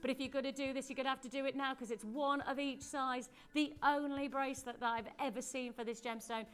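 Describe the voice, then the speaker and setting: A woman's voice: sits high, steady tone, quick pace, fairly bright tone. A woman presenting a live home shopping show, chatty and persuasive as she gushes over the jewellery.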